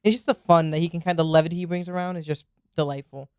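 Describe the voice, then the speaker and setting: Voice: medium pitch, fairly even intonation, fast talker, smooth, no room sound, studio quality. Playful podcast co-host acting out quotes. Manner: playful, acts out characters in quotes. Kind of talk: casual anime chat.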